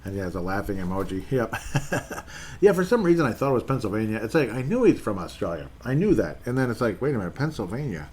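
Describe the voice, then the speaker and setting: A man's voice: fairly low pitch, very animated, fast talker, a little mellow, husky. A man in his forties hosting a solo sports podcast, chatty and rambling, often correcting himself mid-sentence as he reads listener messages. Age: 40s. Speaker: podcast host. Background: faint background noise.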